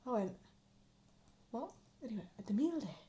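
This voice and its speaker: This young woman talks casually in a slightly higher voice. She tells stories and acts out the quotes, swearing often as she goes. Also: animated, moderate pace, warm tone. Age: 20s. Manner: storytelling with acted-out quotes, frequent swearing. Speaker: podcast co-host. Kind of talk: casual chat.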